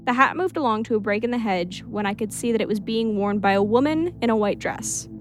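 A woman's voice: mid-range voice, fairly quick, soft background music. Woman reading a creepy tale. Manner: steady first-person storytelling with casual asides. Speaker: horror story narrator. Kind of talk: reading a creepy story aloud.

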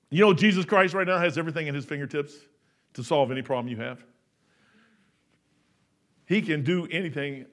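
High-voiced preacher in his fifties. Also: fairly quick, pauses often. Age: 50s. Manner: folksy storytelling, acts out dialogue, swings between loud emphasis and soft low asides. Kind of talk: sermon.

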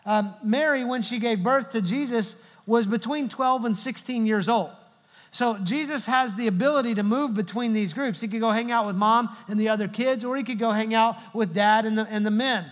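A man's voice: very high-pitched, normal speed. A middle-aged male pastor giving a humorous sermon, telling stories and joking with the congregation. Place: large church hall. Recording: long hall reverb.

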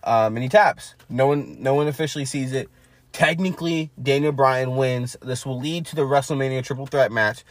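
A man's voice: mid-range voice, normal speed, no room sound. A man co-hosting a casual wrestling podcast, recapping matches blow by blow with many fillers. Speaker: podcast co-host.

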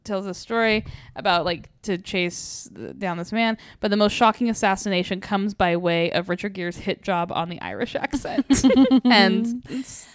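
A woman's voice: mid-range voice, normal speed, no room sound. A woman co-hosting a podcast, bantering wryly and giving blunt opinions. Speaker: podcast co-host. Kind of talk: casual movie recap chat.

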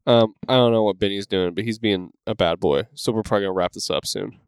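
A man with a fairly low voice talks fast, his tone clean and free of echo. He's co-hosting a laid-back podcast from a room at home, rambling easily and using lots of filler words.

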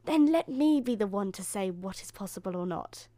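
A woman voicing a kindly, fussy old fairy godmother in a storybook reading, brisk and a little huffy. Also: medium pitch, expressive, mellow, no echo, lightly acted.

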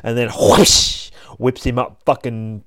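Some guy reading a comic out loud and swearing a lot, rambly, dry room. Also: mid-range voice, flat delivery, slow pace, no room sound. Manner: profane, rambling asides. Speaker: comic book reader. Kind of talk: casual comic read-along.

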